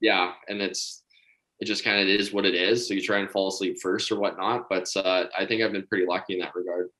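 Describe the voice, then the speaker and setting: A young man with a low voice, a guest on a casual podcast. He talks in an easygoing, halting way, restarting sentences as he recalls stories. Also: flat delivery, sharp tone, poor audio. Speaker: guest, pro hockey player. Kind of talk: casual chat.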